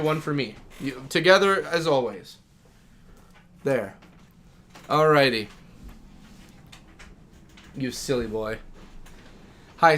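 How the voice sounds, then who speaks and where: A man streaming a game live, chatting casually and talking affectionately to his dogs. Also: fairly high pitch. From Minnesota.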